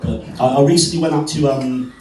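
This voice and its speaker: A man's voice: mid-range voice, fairly even intonation, fairly quick, warm tone, a little hiss or hum. Man doing wry stand-up in a club. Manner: wry, self-deprecating storytelling with crowd work. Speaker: stand-up comedian. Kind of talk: stand-up comedy set. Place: comedy club. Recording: echoey club, far from mic, crowd.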